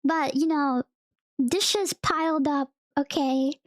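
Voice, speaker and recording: A woman's voice: high-pitched, fairly even intonation, slow, no room sound, clean studio sound. A young woman streamer chatting casually to her viewers, rambling through a story and laughing often between sentences.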